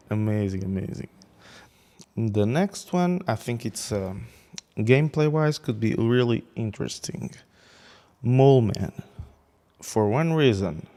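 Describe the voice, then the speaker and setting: A man's voice: mid-range voice, a little mellow. A man in a casual game commentary, rambling with many restarts and laughing at his own jokes. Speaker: gaming video creator.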